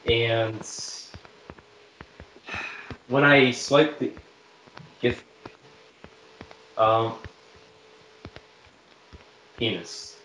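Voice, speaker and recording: A man's voice: mid-range voice, steady tone, very slow, long pauses, a bit bright. A man hosting a podcast and making prank calls, improvising with many hesitations and restarts. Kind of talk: casual chat. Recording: echoey room with faint background noise.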